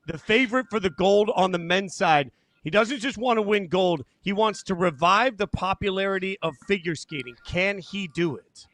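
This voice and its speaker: A playful male podcast host with a noticeably high voice. He jokes his way into each topic. The sound is dry and close. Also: moderate pace, fairly bright tone, dry recording. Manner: playful, jokey. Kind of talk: casual podcast discussion.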